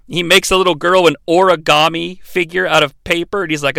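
A man's voice: a little high, fairly even intonation, brisk, creaky, hardly any pauses, sharp tone, no room sound. Sarcastic, cussing man reviewing a movie. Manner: sarcastic, rambling, profane. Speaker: host of a bad-movie review show. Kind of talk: comedic movie review monologue.

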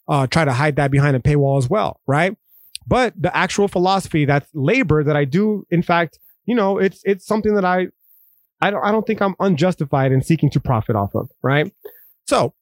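A man's voice: on the high side, a little mellow, no echo, studio quality. A man hosting a podcast, talking in a profane, rambling, conversational way. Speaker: podcast host. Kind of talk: casual podcast monologue.

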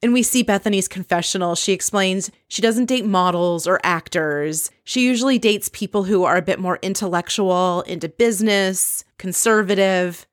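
A woman casually recapping a reality show scene by scene, chatty and quick to laugh. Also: medium pitch, dry recording, clean studio sound. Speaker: recap podcast host.

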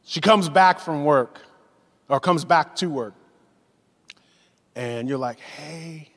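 A man in his forties preaching a sermon, telling stories in a lively way and acting out the voices of the people in them. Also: fairly high pitch, takes it slowly. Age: 40s. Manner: animated storytelling, acts out voices. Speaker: pastor. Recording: long hall reverb.

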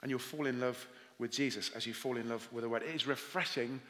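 A man's voice: mid-range voice, steady tone, quick pace. Welsh male pastor, mid-range voice, preaching and storytelling in a reverberant hall. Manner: warm storytelling with scripture readings. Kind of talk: sermon.

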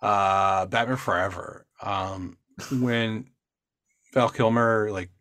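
A man in a casual podcast chat, laid-back and halting, trailing off mid-story. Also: fairly low pitch, fairly even intonation, fairly bright tone, no echo, clean studio sound.

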